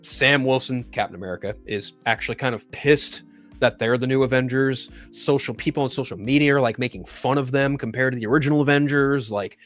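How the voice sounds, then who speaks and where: A man's voice: medium pitch, fairly quick, faint music behind. A man hosting a solo live stream, chatting casually and profanely about a film and reading viewer comments. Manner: profane, ranting, rises into loud exasperation.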